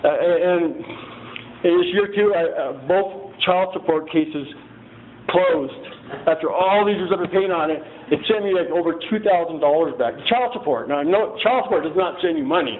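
An earnest man with a fairly high voice speaks to a roomful of people at a recovery meeting, wandering from thought to thought and restarting his sentences. The sound is thin and tinny, like a phone line, with a light hiss underneath. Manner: rambling and halting, with many restarts and frequent "you know" and "man"; earnest, plain-spoken. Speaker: member sharing his story at a recovery meeting. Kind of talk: unscripted personal testimony. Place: meeting room in front of a group.

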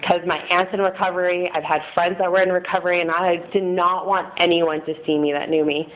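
This woman's voice sits lowish and level, moving a little fast. She's in her thirties, sharing a candid, wandering personal story with a group in a meeting room and frequently laughing at her own expense. Faint noise runs under a tinny, phone-like recording.

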